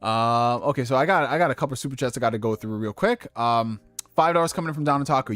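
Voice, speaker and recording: A man's voice: mid-range voice, fast, a bit bright, no echo. A young man hosting a casual livestream, giving dating advice in a loose, profane way and laughing at his own slips. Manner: talks directly to viewers with slang.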